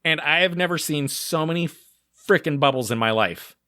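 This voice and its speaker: Podcast guy rambling through a story, lots of likes, bright voice, super dry close mic. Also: on the high side, animated, moderate pace, clean tone, no echo. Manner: rambling, many "like" fillers, acts out quoted voices. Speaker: podcast co-host. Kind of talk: casual storytelling.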